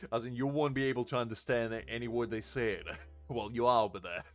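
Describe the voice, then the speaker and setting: Young male streamer, easygoing mid-pitched chatter, quick laughs, faint music under him. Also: fairly even intonation. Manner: chatty, laughs often, answers chat messages. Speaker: game streamer. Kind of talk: casual live-stream chat.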